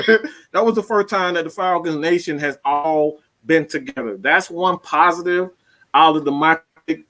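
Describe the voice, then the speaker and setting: Male host, brash profane sports ranter, bright ringing tone. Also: a little high, measured pace. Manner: loud, profane, fired-up ranting. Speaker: podcast host. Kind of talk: heated sports-talk rant.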